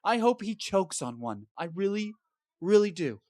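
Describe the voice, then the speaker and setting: A woman's voice: medium pitch, very animated, moderate pace, dark tone, no room sound, clean studio sound, close to an everyday voice. A woman voicing a long-suffering male game hero stuck in a cave, complaining melodramatically and sarcastically in a comedic diary monologue. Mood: exasperated.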